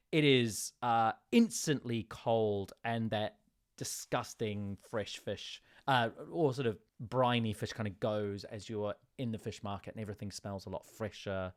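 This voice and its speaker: Game master, male; unhurried, descriptive narration. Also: fairly low pitch. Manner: slow, descriptive, with many fillers.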